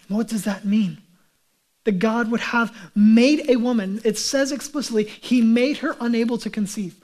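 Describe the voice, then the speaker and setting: A male pastor preaching a sermon in a conversational way, often putting rhetorical questions to his listeners. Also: high voice.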